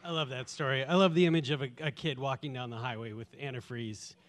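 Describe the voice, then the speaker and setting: A man's voice: medium pitch, fairly even intonation, quick pace, slight background noise. A man hosting a storytelling show who reacts to a story and introduces the next speaker in an upbeat, announcing way. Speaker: host.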